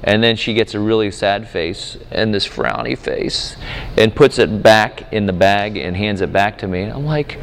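A man, preaching at a conference, telling a family story with lively acted voices. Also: fairly low pitch, normal speed, slight background noise. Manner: animated storyteller, acts out his small daughter's voice. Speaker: conference speaker and campus minister. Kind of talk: sermon with storytelling. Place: conference hall. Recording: echoey hall with long reverb.

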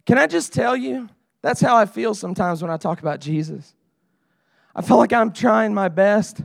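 Middle-aged male pastor, high voice, dry close sound, talky sermon delivery that builds to pleading. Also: moderate pace, vocal fry, no echo. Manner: conversational preaching, rising to emphatic pleading.

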